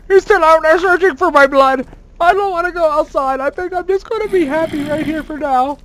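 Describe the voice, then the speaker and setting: A man doing let's play commentary as a gaming host, excitable and quick to swear, yelling at sudden scares and bragging playfully. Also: very high-pitched, a little hiss or hum. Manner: playfully boastful.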